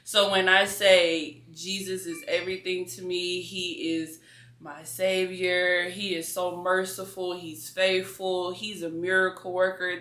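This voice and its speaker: Recorded in an echoey room, a young adult woman's fairly low, slightly bright voice shares her personal faith testimony. As an interview guest she sounds earnest and conversational, slipping in casual slang.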